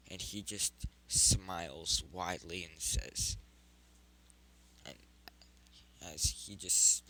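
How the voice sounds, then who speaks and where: A man telling a fan story in a slow, unhurried way, his voice low yet bright. He rambles, stops to correct himself, and carries on. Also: slight background noise, rough recording. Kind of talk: improvised fan story narration.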